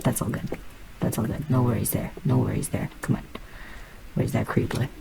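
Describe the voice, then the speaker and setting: A woman chats her way through a game in a deep, heavily gravelly voice. She is playful, mutters to herself and swears freely. A steady background noise sits under her voice. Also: normal speed. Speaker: gamer. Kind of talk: casual gameplay commentary.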